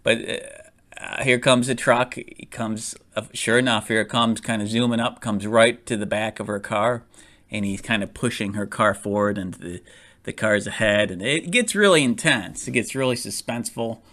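A man's voice: on the low side, normal speed, fairly bright tone. A man casually reviewing a movie, rambling with lots of fillers, restarts and frequent laughs.

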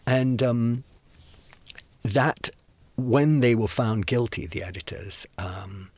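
A man's voice: medium pitch, slow, darkish tone, no room sound. A man in an interview, recalling past events in a rambling way with fillers and restarts. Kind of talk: conversational recollection.

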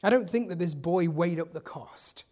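High-voiced pastor preaching. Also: male voice, moderate pace. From England. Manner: conversational storytelling, often dropping to a soft hush. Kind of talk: sermon.

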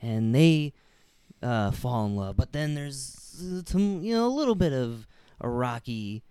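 Lively, expressive man recapping a movie. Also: mid-range voice, a little slow, clean tone, no echo. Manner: retells scenes with lively emphasis, hesitant fillers. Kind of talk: casual movie discussion.

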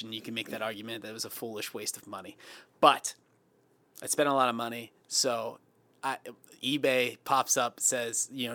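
A man co-hosting a podcast, telling a story about himself in casual chat with lively, self-mocking energy. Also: medium pitch, dry recording. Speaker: podcast co-host.

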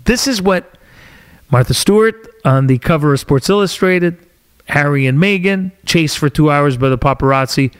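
A man's voice: on the high side, normal speed, clean tone. Agitated male podcast host ranting. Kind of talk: opinionated podcast monologue. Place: studio.

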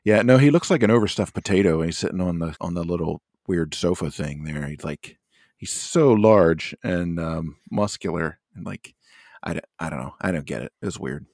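A man's voice: sits low, moderate pace, darkish tone, no echo, studio quality. A man co-hosting a wrestling podcast, chatting casually in a wry, rambling way with fillers. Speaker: podcast co-host. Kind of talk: casual chat.

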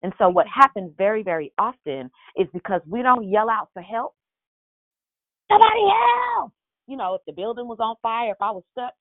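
Woman prayer-call leader, animated preacher on a phone line. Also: mid-range voice, fairly quick, hardly any pauses, no echo. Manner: animated storytelling, acting out her own cries for help.

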